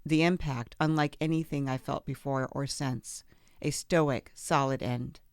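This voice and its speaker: Smooth-voiced woman reading a memoir. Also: very deep voice, no echo, studio quality. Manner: measured, expressive reading. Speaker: podcast host.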